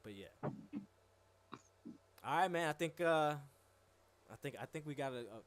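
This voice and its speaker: A man talking casually on a live stream, his voice sitting a little high for a man. He rambles with plenty of swearing and filler words. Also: animated, measured pace. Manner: rambling, profane, frequent "yo" and "like". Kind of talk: casual chat.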